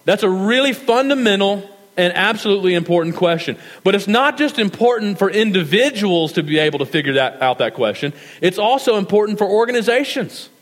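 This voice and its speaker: A male pastor preaching a sermon in a church, earnest and measured, slowing down for scripture and prayer. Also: high-pitched, animated. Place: church sanctuary. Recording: reverberant hall.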